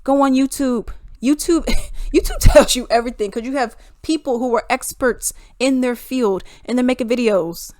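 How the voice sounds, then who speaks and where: A woman's voice: sits high, normal speed, a little mellow, no room sound, studio quality. A young adult woman vlogging an opinionated monologue, emphatic and full of rhetorical questions.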